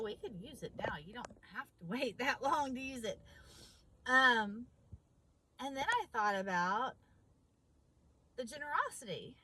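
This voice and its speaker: Woman, vlogger, husky bright voice, animated storyteller who voices the other person too. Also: a little high, rough recording. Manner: animated, emphatic storyteller acting out both sides of a conversation. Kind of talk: storytelling vlog.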